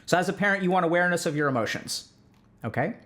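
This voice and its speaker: A man with a slightly higher-than-usual voice talks through parenting advice like a clinician chatting with his audience. His delivery is loose and conversational, studded with "like" and tag questions such as "right?" and "okay?". He turns sarcastic when mocking strict ideas. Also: animated, quick pace, sharp tone. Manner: conversational, full of "like" and "right?" check-ins. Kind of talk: casual explanatory talk.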